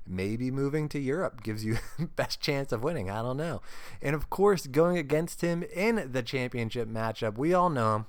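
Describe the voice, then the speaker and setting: A man hosting a solo sports podcast, upbeat and jokey, often laughing mid-sentence. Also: medium pitch. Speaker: podcast host.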